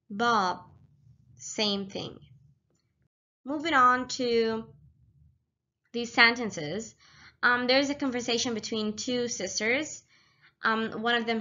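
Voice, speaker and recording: A woman's voice: fairly high pitch, bright, forceful tone, highs cut off. A woman teaching vocabulary in a casual lesson, patiently repeating words with hesitant fillers. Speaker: language teacher.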